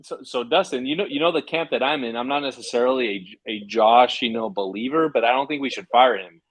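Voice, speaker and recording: A man hosts sports talk and keeps stumbling through repeated starts before his point lands. His pitch is average. The sound is dry and close. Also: brisk, no echo. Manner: stammering restarts, casual swearing.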